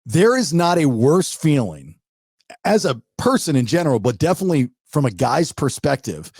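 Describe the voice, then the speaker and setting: A middle-aged man co-hosts a podcast, telling a story in casual chat and animatedly acting out what people said. His voice is a little high and slightly rough, at a moderate pace. The recording is studio quality with no room sound.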